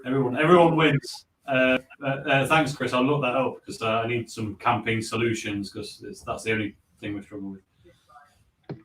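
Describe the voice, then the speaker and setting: A man's voice: medium pitch, flat delivery, normal speed, a bit bright. A man co-hosting a casual livestream chat, making dry, wry remarks. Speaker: co-host. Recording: roomy, distant mic with faint noise.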